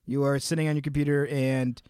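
A man's voice: mid-range voice, little pitch movement, fairly quick, darkish tone, clear, resonant tone, no room sound, clean studio sound. A young man co-hosting a casual podcast, easygoing and rambling, full of "you know". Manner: easygoing, rambling, lots of fillers. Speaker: band member and podcast co-host.

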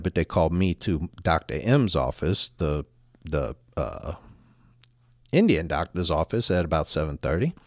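A man's voice: sits low, a little mellow, no echo, clean studio sound. A middle-aged man telling a personal story in a rambling, casual way with many restarts.

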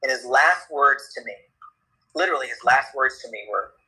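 A man telling a comic story in casual chat, animated and quick, acting out the other people's voices as he goes. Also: mid-range voice, poor audio.

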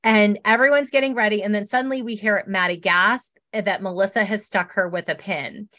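A woman co-hosting a podcast, chatting casually and telling the story in an animated way. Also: moderate pace. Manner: animated storytelling, mimics others in high voices. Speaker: podcast co-host recapping a reality show. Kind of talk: casual chat.

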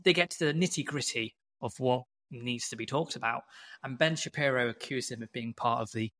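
A man's voice: medium pitch, brisk, fairly bright tone. A man co-hosting a podcast in casual chat, telling stories in a blunt, opinionated way. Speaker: podcast co-host.

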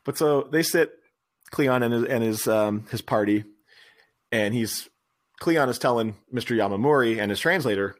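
A man's voice: medium pitch, normal speed. A man co-hosting a podcast, casually recapping a film scene by scene and laughing along. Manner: retells scenes with quotes, laughs often. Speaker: podcast co-host. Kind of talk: casual movie recap chat.

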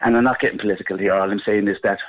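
A man's voice: lowish voice, steady tone, rapid-fire, dry recording. Middle-aged man, cork irish accent, effusive phone-in guest, dry tinny line. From Ireland. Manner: effusive, warm-hearted talk with repeated restarts. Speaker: actor and guest. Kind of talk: phone interview.

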